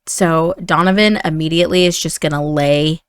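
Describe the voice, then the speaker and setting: A woman's voice: low-pitched, normal speed, smooth, dry recording. A woman with an Indiana accent chatting as she narrates the story of a life-sim game. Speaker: game commentator.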